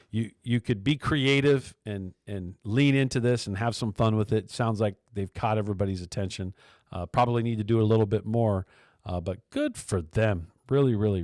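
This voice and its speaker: A man's voice: fairly low pitch, a little mellow, no echo, clean studio sound. A man hosting a casual labor radio show, talking loosely with lots of fillers, restarts and sarcastic asides. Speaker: talk show host.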